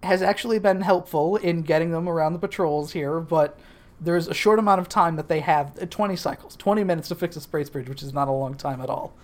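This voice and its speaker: Woman, podcast co-host, slightly low voice, dry, profane, casual recap. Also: fairly quick, a little mellow.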